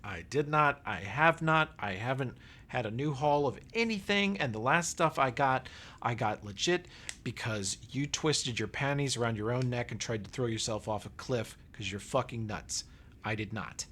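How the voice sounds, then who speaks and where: A man voicing a stylish, talkative female half-orc quartermaster who is quick to defend herself. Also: mid-range voice, animated, sharp tone, a little hiss or hum. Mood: indignant. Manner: talkative, defensive, a bit indignant.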